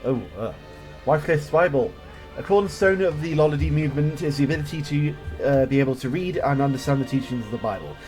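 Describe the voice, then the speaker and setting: A man's voice: on the high side, fast talker, a little mellow, soft background music. A man casually commentating his own strategy game play as he thinks aloud, with jokey asides. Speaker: gameplay streamer. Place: home setup, recorded live on a voice chat.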